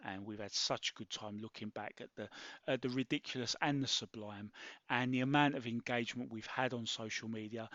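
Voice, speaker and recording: A man's voice: medium pitch, a bit bright, dry recording. A man with a Cockney accent co-hosting a casual podcast, given to wry teasing banter. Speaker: podcast co-host. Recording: dull lo-fi dry sound.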